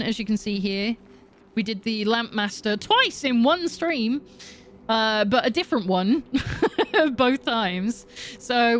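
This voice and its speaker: A woman's voice: a little high, a bit bright, a little hiss or hum. A young adult woman livestreamer chatting casually with viewers, rambling and laughing often. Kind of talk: casual chat with stream viewers.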